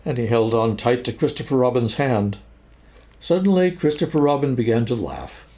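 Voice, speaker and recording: Expressive older man reading a storybook. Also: mid-range voice, normal speed. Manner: expressive, sing-song storytelling. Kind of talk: reading a children's book aloud.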